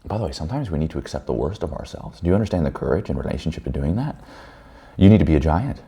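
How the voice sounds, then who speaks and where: Deep low-voiced guy running a men's group, blunt, swears a lot, keeps going "right?". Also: animated, racing, mellow, slightly rough. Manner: blunt, profane, emphatic; addresses listeners with frequent "right?" tags. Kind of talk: casual motivational talk.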